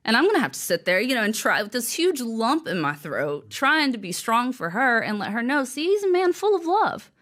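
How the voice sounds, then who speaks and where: A woman guest on a podcast interview, telling a personal story in an earnest, halting, emotional way with frequent restarts. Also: fairly high pitch, sing-song, sharp tone. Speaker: guest author.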